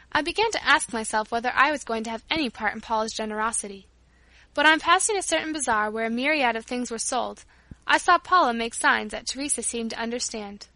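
A woman reads a storybook aloud as audiobook narration, clear and expressive. Her voice is bright and fairly high, and the recording is close and dry. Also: no echo.

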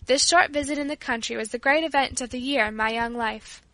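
Woman audiobook reader, high bright voice, clear even narration, dry close sound. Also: fairly quick, no echo. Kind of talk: scripted narration.

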